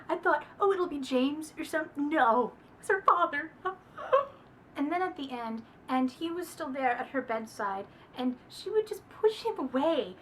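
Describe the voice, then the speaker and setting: A young woman chatting casually in a book review, gushing and animated with dramatic exclamations. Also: high voice, measured pace, slight background noise.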